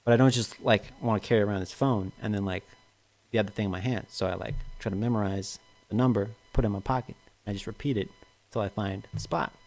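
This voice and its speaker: A man's voice: on the low side, fairly even intonation, quick pace, darkish tone. A young man co-hosting a casual livestream chat, rambling through jokey stories and laughing often. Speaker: co-host.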